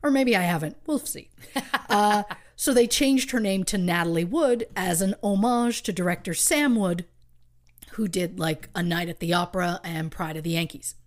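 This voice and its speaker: A woman's voice: fairly low pitch, moderate pace. Woman telling a true crime story wryly. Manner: wry, reads research with asides and laughs. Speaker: podcast co-host.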